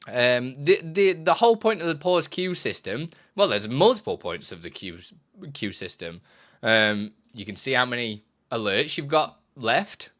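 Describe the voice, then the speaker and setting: Bright-voiced streamer man, rambling. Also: medium pitch, big pitch swings, unhurried. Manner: rambling, self-correcting, laughs often. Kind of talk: casual live-stream chat.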